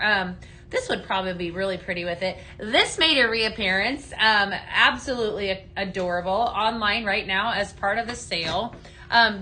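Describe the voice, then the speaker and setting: Chatty woman hosting a bright live sale. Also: medium pitch, a little hiss or hum. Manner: chatty and halting, with many fillers and restarts. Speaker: company staff host of a live sales stream. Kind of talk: casual live product demo, answering viewer comments.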